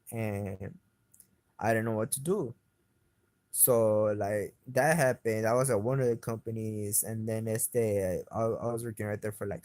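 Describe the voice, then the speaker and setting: A man's voice: fairly low pitch, dry recording. A man telling his story in a rambling, profane way, full of fillers and dropping into Spanish words as he goes. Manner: agitated, keeps retelling his frustration. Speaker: interviewee recounting events. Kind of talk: casual spoken monologue.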